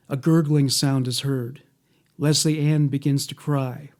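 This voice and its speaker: A man reading a scripted documentary narration in a measured, matter-of-fact way. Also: mid-range voice, level tone, darkish tone.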